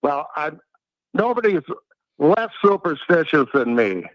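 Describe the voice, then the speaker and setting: A man's voice: fairly high pitch, big pitch swings, measured pace, no echo. An older man calling in to a chat show, rambling and self-deprecating about his anxiety. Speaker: caller. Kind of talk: casual call-in chat. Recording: dull lo-fi call-in line.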